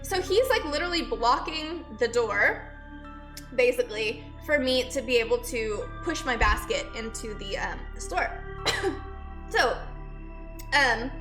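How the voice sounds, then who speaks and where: A woman's voice: fairly high pitch, lively intonation, unhurried. A woman streamer who is a nurse, sick and out of breath, chatting with her viewers and greeting them by name as she rambles through a story. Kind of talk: casual chat with live viewers. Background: faint music.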